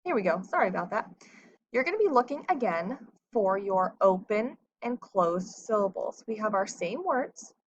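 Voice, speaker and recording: A woman's voice: mid-range voice, animated, normal speed, no echo. A woman teacher giving a patient phonics lesson to children, sounding out words carefully. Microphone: screen recording. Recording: dull lo-fi audio.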